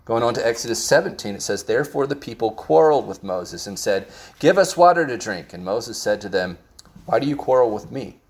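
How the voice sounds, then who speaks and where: A man's voice: fairly low pitch, brisk, a little mellow. A man preaching a sermon, reading scripture passages aloud and explaining them in plain words, often restarting his sentences.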